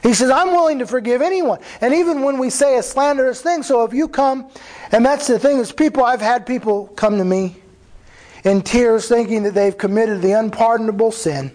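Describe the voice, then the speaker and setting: A man with a notably high voice delivers a sermon as a pastor. He speaks earnestly and conversationally, restarting phrases and voicing the words of others as he explains scripture. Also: normal speed, dark tone, poor audio. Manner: earnest preaching with restarts and quoted dialogue.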